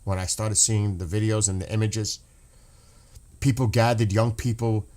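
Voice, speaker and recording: A man's voice: on the low side, steady tone, moderate pace, darkish tone. A man hosting a casual livestream, talking emotionally and passionately, swearing and restarting his sentences as he goes. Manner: rambling with restarts. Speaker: livestream host.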